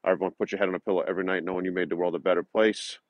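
A man's voice: deep voice, steady tone, racing, no echo. A man with a New York accent, a realtor giving a motivational morning message and prayers outdoors in a park, talking loosely with many uh and um fillers. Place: outdoors at a lakeside park at dawn. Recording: dull, dry, lo-fi sound.

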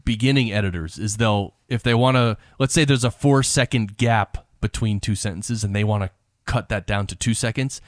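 A man hosting a podcast interview, chatty and quick to laugh, leaning on fillers as he asks questions and builds on his guest's answers. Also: fairly low pitch, no echo, clean studio sound. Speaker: podcast host. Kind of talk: conversational interview.

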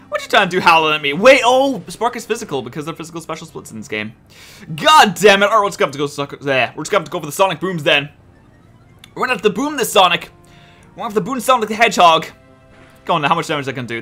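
A man hosting a gameplay commentary, excitable and exasperated, swearing often and pleading with the game. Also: high-pitched. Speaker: let's play host.

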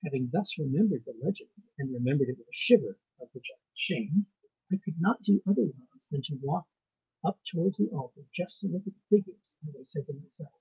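A man reading his ghost story aloud with a measured, suspenseful delivery and pauses. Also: on the high side, lively intonation, dark tone, breathy edge, no echo. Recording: muffled lo-fi recording.

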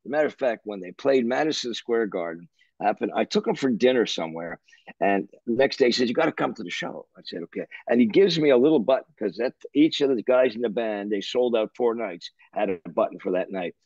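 An older man from Canada telling a rambling story in a husky, breathy voice. He is animated, with restarts and the odd curse. The recording is dry and dull. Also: medium pitch, brisk, dry recording. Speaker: interview guest, musician. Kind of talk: anecdotal storytelling.

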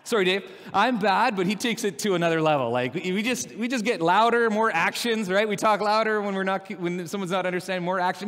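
A man preaching a casual, story-driven sermon in a church, animated and laughing at his own anecdotes. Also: sits high, brisk. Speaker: pastor. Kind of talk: conversational sermon with stories. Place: church sanctuary. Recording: long hall reverb from a church.

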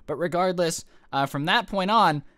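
A young man telling a storytime vlog in a fast, animated rant, swearing freely. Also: high voice, no room sound, clean studio sound. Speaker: YouTuber.

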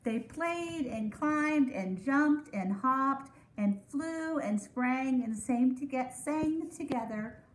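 High-voiced woman reading a storybook. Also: lively intonation. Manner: warm, measured reading to children. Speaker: teacher. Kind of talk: children's storybook read-aloud. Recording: echoey room.

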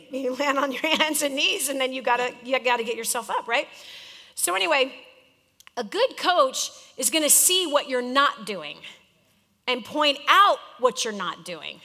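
A woman from California leading a live business seminar as a coach, teaching an audience in a direct, challenging, animated way. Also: sits high, a little slow. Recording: long reverb of a large hall.

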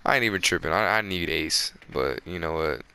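A man giving live gameplay commentary on a close desk mic, excitable and boastful, with breathy asides to his viewers. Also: low-pitched, brisk. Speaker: gaming video creator. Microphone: close desk microphone.

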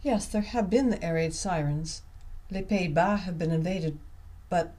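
A man voicing a young French mother in an audiobook reading, who is wary and defiant and speaks in soft, restrained lines. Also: sits high, a little slow. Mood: protesting.

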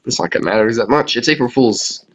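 A tired man giving rambling, chatty commentary over a video game, with quieter mumbled asides. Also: medium pitch, animated, fast talker, low-quality recording. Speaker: gameplay commentator.

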